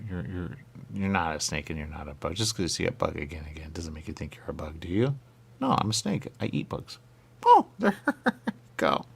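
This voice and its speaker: A man's voice: vocal fry, a bit bright, husky. A man in absurd comedic banter, arguing in goofy circles. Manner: goofy, circular arguing with big pitch jumps.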